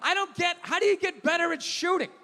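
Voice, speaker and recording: A male comedian does his stand-up routine on a handheld mic, ranting and swearing his way through stories. His voice sits very high and cuts bright and forceful. The stage sound has a long hall reverb and faint room noise. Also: fast. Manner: profane, ranting, storytelling.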